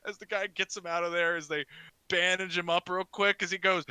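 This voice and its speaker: A man narrating a tabletop game as game master, rowdy and laughing, shouting his characters' lines. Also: high voice, flat delivery, brisk, clear, resonant tone, dry recording.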